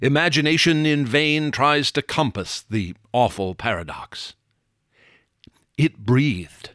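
A man narrating a classic horror tale in a measured, dramatic way, dropping low and slowing down for suspense. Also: fairly bright tone, dry recording, clean studio sound. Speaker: audiobook narrator. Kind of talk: dramatic horror story reading.

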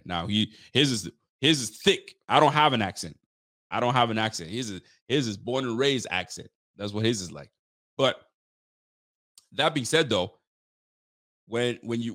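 An excitable man hosts a casual live sports show and talks straight to his viewers. He speaks with emphasis, often restarts his sentences, and keeps his voice at an average pitch. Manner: chats directly to live viewers. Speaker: sports fan show host.

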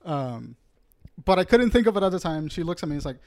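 Brief: male podcast co-host, higher voice, swearing storyteller, dry close sound. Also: a little fast, dry recording. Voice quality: profane, animated storyteller. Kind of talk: casual storytelling chat.

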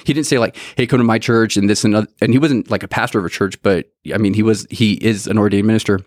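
A man's voice: on the low side, fairly even intonation, fast, dry recording, clean studio sound. A man around forty telling his faith testimony in casual chat, earnest and full of "dude" and "like". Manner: earnest, says "dude" constantly.

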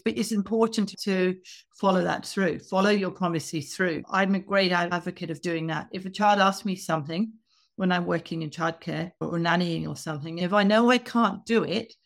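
A woman's voice: on the low side, vocal fry. Supportive woman talking on a podcast. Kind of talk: podcast conversation.

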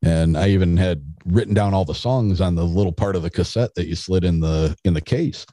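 Low husky-voiced middle-aged man. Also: a little fast, warm tone, dry recording. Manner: rambling, with restarts and chuckles. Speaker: podcast guest. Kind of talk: casual storytelling.

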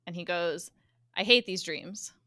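Her voice sits on the low side, captured in studio quality without any room sound. As a guest co-host recapping a TV episode on a podcast, she chats casually and animatedly, acting out lines with rapid voice changes.

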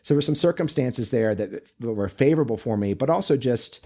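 A man's voice: medium pitch, animated, a little fast, a little mellow. A man who is a men's coach and author, guest on an interview show, telling stories in a casual, earnest, rambling way.

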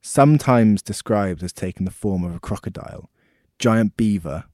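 A man's voice: lowish voice, animated, moderate pace, dark tone, dry recording, studio quality. A man co-hosting a podcast, chatting casually with stumbling restarts. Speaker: podcast co-host. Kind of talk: casual chat.

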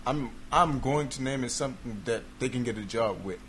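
A man's voice: mid-range voice, fairly quick, fairly bright tone, a little hiss or hum. A man in casual comedic chat on a podcast, mostly reacting with short remarks and questions.

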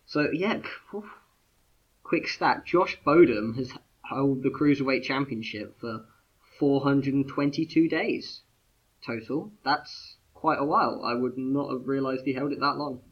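A man's voice: medium pitch, measured pace, muffled recording. A man co-hosting a casual chat podcast, rambling with lots of fillers and restarts. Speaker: podcast co-host.

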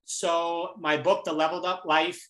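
A man with a New York accent, a guest author giving energetic, emphatic motivational talk in an interview. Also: a little high, normal speed, echoey room, low-quality recording.

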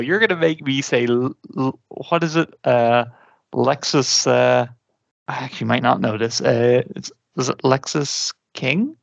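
A man's voice: mid-range voice, measured pace, gravelly, no room sound. A man on a trivia podcast, chatting casually and hesitating, groaning and making fun of himself. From Ireland. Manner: self-deprecating, groaning, hesitant with many ums. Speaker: quiz contestant.

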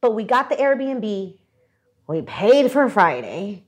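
Speaking slowly in a mid-range voice, this woman is a podcast co-host recorded in a studio before an audience. She relates a story in an animated, casual way and performs the quoted voices of its characters.

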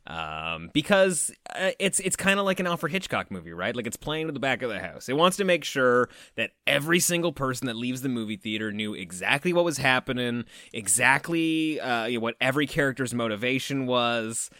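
A man's voice: mid-range voice, animated, brisk, few pauses, sharp tone, no room sound, studio quality. A man co-hosting a podcast, talking casually and rambling about a film with fillers and frequent laughter. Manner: swearing, jokey. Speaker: podcast co-host.

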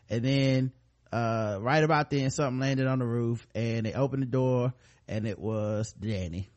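A man's voice: medium pitch, moderate pace, darkish tone. A man hosting a podcast, recapping a show in loose, profane, storytelling chat. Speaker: podcast host.

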